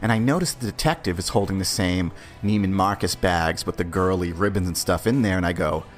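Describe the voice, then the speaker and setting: Podcast host, man, lowish voice, brash and swearing, faint music behind. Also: brisk. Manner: brash, profane, conversational. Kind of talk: casual storytelling.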